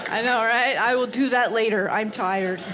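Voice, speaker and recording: A woman's voice: on the high side, moderate pace. A woman doing self-deprecating stand-up comedy, giggling between jokes. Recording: noisy club recording.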